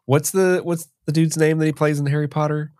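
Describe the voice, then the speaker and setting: A man's voice: fairly high pitch, level tone, a little fast, mellow, no room sound, studio quality. A man co-hosting a podcast, chatting casually about a film and chiming in with playful jokes. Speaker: podcast co-host.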